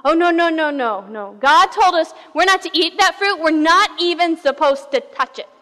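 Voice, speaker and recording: A woman doing a high, flustered young woman. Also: animated, moderate pace, bright, forceful tone, exaggerated voice. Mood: anxious. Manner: high, anxious, protesting. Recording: reverberant hall.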